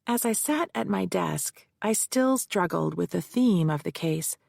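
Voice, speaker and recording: A woman reads a first-person mystery in a measured, even way. Her voice sits low and carries a gravelly rasp. The recording is dry and close to the mic. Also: no echo. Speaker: audiobook narrator. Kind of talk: scripted first-person narration.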